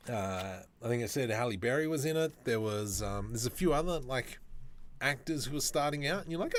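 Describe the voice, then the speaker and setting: A man's voice: medium pitch, normal speed, slight background noise. A man chatting casually on a live stream while he works, reacting to viewer comments with jokes.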